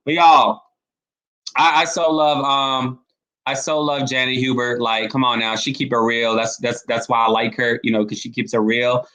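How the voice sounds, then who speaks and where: A man's voice: mid-range voice, level tone, normal speed, bright, forceful tone. A man giving casual, emphatic commentary on a vlog, speaking in slang and addressing viewers directly. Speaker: online commentator.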